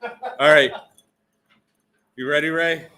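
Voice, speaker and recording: A man hosts a casual interview in an indoor bar, asking his guests questions in a relaxed, joking way. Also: fairly high pitch, slow, rough recording. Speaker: interviewer host.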